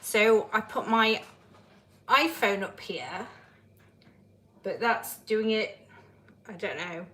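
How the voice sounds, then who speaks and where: A woman's voice: mid-range voice, takes it slowly, long pauses, bright, forceful tone. A woman live-streaming from home, flustered and laughing at her own technical mishaps, speaking to a phone on a shelf above her. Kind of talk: casual live-stream chat. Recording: echoey room, faint ambience.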